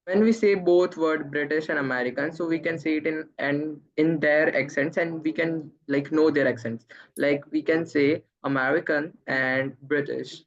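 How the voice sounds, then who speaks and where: A woman student in an online class, speaking in a hesitant, halting way. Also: deep voice, fairly even intonation, muffled recording.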